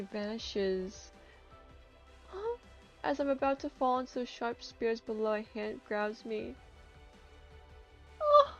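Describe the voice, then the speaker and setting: Lady streamer reading game dialogue out loud, kinda high voice, muffled lo-fi sound, bit of music under. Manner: reads narration aloud, breaking into laughs and excited outbursts. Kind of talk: game playthrough, reading story text aloud.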